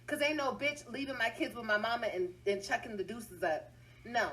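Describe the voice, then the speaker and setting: Blunt, foul-mouthed woman streamer, fairly high voice. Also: animated, moderate pace, fairly bright tone, low-quality recording. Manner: blunt, heavily profane, speaks straight to her viewers. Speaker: livestream host. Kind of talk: casual venting livestream.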